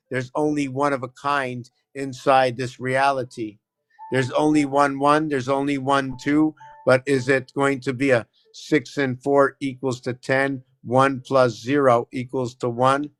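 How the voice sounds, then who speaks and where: A man's voice: medium pitch, a bit bright, no echo. A man hosting a live stream, explaining numbers and letter shapes in a loose, rambling way and constantly checking in with "right?". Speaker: livestream host. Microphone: phone camera.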